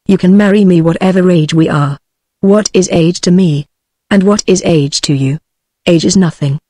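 A computer-generated woman's voice with a British English accent reading the lines of a soft, insistent young farmhand in an audiobook. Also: lowish voice, moderate pace, no echo, clean studio sound, natural voice. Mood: softly insistent. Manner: softly insistent, repeating himself.

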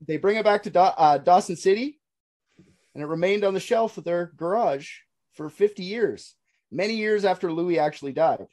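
A man's voice: high-pitched, normal speed, a little mellow. A man hosting a podcast, telling a story in a casual, jokey way and swearing freely.

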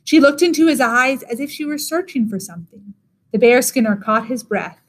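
A teacher reading a fairy tale aloud in a measured, expressive way. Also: female voice, high-pitched.

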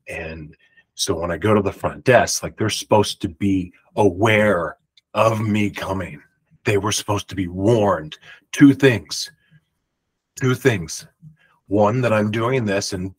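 A man host telling a personal story in a rambling, animated way, often cutting himself off. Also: lowish voice, husky, rough recording. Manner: rambling, animated, self-interrupting retelling.

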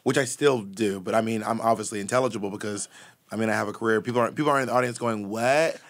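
A young man co-hosting a podcast, teasing and quick, who says he mumbles and talks too fast. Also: lowish voice, fairly even intonation. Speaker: podcast co-host. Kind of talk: casual banter. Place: podcast booth.

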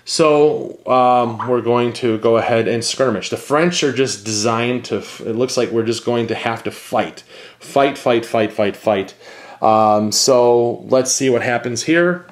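A man's voice: medium pitch, measured pace, few pauses. A man hosting a board game channel, thinking aloud with many fillers and reading cards as he plays a solo game.

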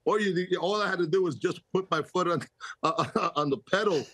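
An older man talks in a loose, rambling way, often restarting his sentences and breaking into easy laughter. His voice sits a little high. The sound is dry and close, with no room echo. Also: moderate pace, a bit bright, breathy edge. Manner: rambling, self-correcting, laughs easily. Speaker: guest, baseball executive. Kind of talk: casual radio interview.

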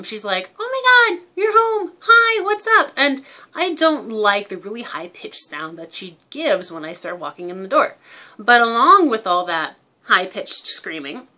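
Young woman, bright sharp voice, chatty vlog explaining stuff with examples. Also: mid-range voice. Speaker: parrot owner giving behavior tips.

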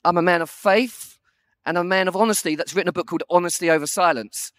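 A man giving a humorous sermon with a high, bright voice, laughing at himself as he tells a story. He sounds lively and animated, and the recording is dry and close. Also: fast talker, no room sound. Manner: animated, self-deprecating storytelling. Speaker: preacher.

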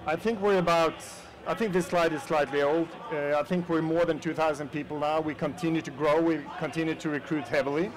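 A fairly high-pitched man with fairly even intonation speaks briskly at a conference hall, giving a chatty, informal presentation. He's from Sweden with a Swedish accent, addresses the audience head-on, and uses lots of fillers, all in poor audio.

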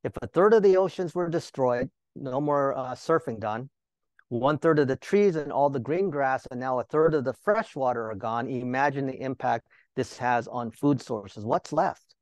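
A man's voice: medium pitch, moderate pace, darkish tone, no room sound. A male Bible teacher giving a sermon, talking to the listeners with rhetorical questions and joking asides.

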